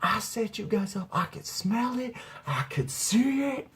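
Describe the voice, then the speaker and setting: A man's voice: high-pitched, very animated, slightly rough, voice pushed up, exaggerated voice. A man voicing an angry old grandmother who has caught kids stealing her weed, in a shrieking, scolding voice. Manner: shrieking, scolding, drawn-out yells.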